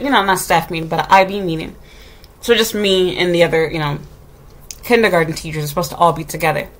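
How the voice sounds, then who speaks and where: Speaking fast with a low, expressive, slightly bright voice, this woman vents to her viewers in casual chat. She's a kindergarten teacher who tells the story bluntly and sassily, swearing a lot and performing the quoted dialogue of others.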